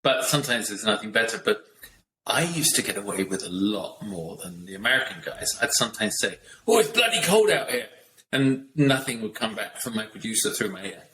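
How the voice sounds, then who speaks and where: A British man telling lively stories with laughs in a casual podcast chat. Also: lowish voice, brisk. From Britain. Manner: lively anecdotal storytelling with laughs. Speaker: guest, racing driver and TV host. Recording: echoey room with faint noise.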